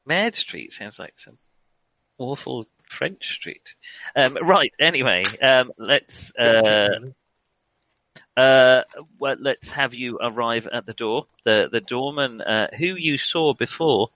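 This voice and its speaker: A man's voice: medium pitch, takes it slowly, a bit bright, rough recording. A man running a tabletop role-playing game, narrating with many hesitant fillers. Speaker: game master.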